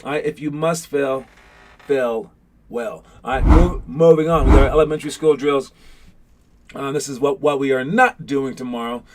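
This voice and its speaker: A young man coaching young basketball players in a casual pep talk, rambling with lots of fillers and getting animated as he retells scenes. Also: medium pitch, normal speed, a little hiss or hum.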